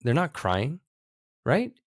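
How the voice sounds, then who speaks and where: A man voicing a calm, gently amused elderly male monk. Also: mid-range voice, slow, dry recording, clean studio sound, pitched above the performer's own voice, full character voice. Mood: serene.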